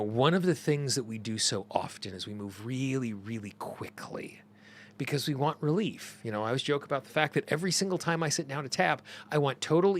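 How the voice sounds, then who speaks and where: Middle-aged male host, earnest teacher, mid-pitched voice, leans on repetition. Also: pushed and bright. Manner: earnest, emphatic, repeats phrases for stress. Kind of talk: teaching monologue.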